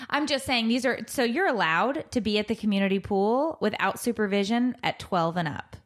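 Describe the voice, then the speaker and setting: A woman in her thirties chatting casually as a show co-host. She tells stories with animated energy and a mid-range voice, sometimes getting loud when she quotes herself. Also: medium pitch, normal speed. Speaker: podcast co-host, mother. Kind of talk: casual chat, storytelling.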